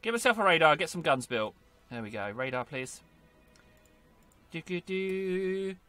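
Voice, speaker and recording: A man's voice: on the high side, lively intonation, unhurried, sharp tone, soft background music. A man hosting a gaming video, giving casual, playful gameplay commentary and joking with himself as he plays. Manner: playful, jokey, talks to himself.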